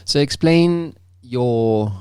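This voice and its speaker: A man's voice: mid-range voice, very slow, mellow, clear, resonant tone, no echo. A man hosting a podcast, asking short questions and murmuring along as the guest talks. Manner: short prompts and backchannel murmurs. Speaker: podcast host. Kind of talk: casual interview.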